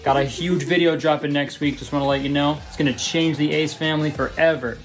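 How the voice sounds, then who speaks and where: A man putting on an impression of a boastful young male family vlogger, talking in loud, hyped patter. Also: on the high side, fairly even intonation, fairly quick, music in the background, lightly acted. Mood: smug hype.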